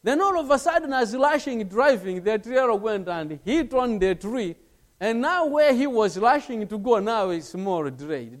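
Male preacher, very high voice, slow, lively delivery. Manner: earnest, repetitive preaching with anecdotes. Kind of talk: sermon.

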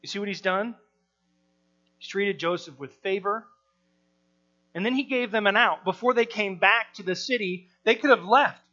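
A man's voice: high voice, normal speed, long pauses, sharp tone, muffled recording. A man teaching through a scripture passage verse by verse in a conversational way, often restarting his sentences and acting out the people in the story. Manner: conversational, with frequent restarts, acts out the quoted people. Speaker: Bible teacher.

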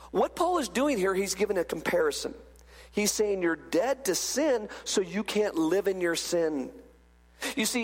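A man's voice: sits high, in a large hall. A man preaching a sermon as pastor, emphatic and full of rhetorical questions.

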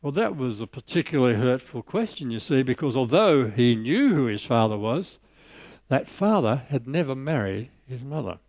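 A man preaching a sermon and easing into a story. His voice sits at an ordinary middle pitch and sounds dry and close, with no room around it. He climbs high and loud on scripture, then drops soft on the lines he wants to land. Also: big pitch swings, normal speed, dry recording. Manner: storytelling, rising emphatic on scripture, dropping soft on key lines.

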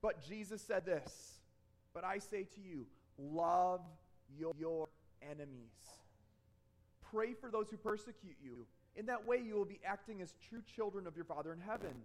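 A man with a fairly high voice delivers a sermon. He keeps it conversational, telling stories from his own life and often stopping to ask "okay?". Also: expressive, normal speed. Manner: conversational, checks in with frequent "okay?"; tells personal stories to explain points. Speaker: pastor.

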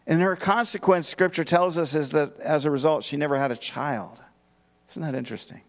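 Pastor, male, slightly high voice, emphatic expository preaching with rhetorical questions. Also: a little fast, creaky. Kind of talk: expository sermon.

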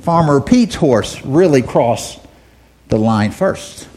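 A man's voice: mid-range voice, lively intonation, takes it slowly, a little mellow. A man teaching a Bible lesson, telling a folksy story and often repeating words as he talks. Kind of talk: sermon.

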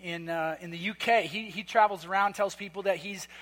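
A man preaching a sermon in a church hall, conversational and emphatic, with quick asides. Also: sits high, fairly even intonation, fairly bright tone. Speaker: pastor.

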